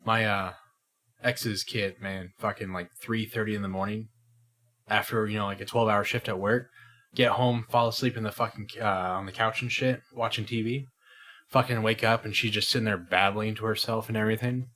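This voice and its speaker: Male podcast co-host, casual and profane, bright tone. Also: fairly low pitch, fairly even intonation, normal speed. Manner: profane, wisecracking. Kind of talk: casual chat.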